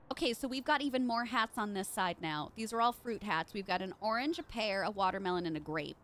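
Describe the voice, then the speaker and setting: A woman's voice: mid-range voice, a bit bright, a little hiss or hum. A woman streaming a game live, chatting with her viewers and reacting as she plays. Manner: bubbly, chatty, reads chat aloud. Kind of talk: live gameplay commentary.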